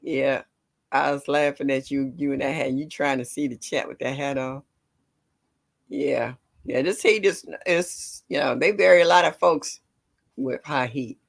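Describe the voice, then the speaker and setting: An older woman hosting a casual gardening livestream, greeting viewers by name and chatting warmly. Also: low-pitched, gravelly. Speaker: livestream host.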